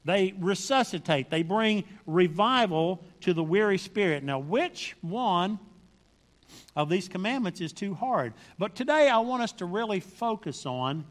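A man's voice: sits high, animated, measured pace, in a large hall. A man preaching a sermon, reading scripture aloud and pressing his points with emphatic repetition and questions to the congregation.

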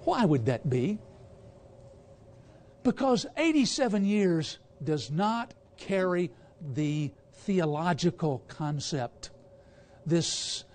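High-voiced man preaching a sermon. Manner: emphatic, asks the congregation questions, stumbles over words. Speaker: guest preacher.

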